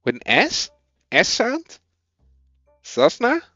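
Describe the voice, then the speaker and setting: A man's voice: mid-range voice, lively intonation, takes it slowly, a bit bright, clean tone, no echo, highs cut off, soft background music. A man with a Dutch accent, a native Dutch speaker, thinking aloud as he codes and chatting with viewers on a casual live stream.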